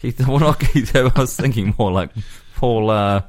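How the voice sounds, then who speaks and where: A man's voice: mid-range voice, normal speed. A man co-hosting a sports podcast, chatting casually with wry, teasing comebacks. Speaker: podcast co-host.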